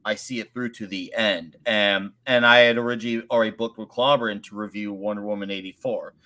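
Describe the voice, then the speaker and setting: A man being interviewed as a guest, telling relaxed, rambling stories with many fillers. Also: on the low side, fairly quick. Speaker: guest creator. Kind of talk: casual interview chat.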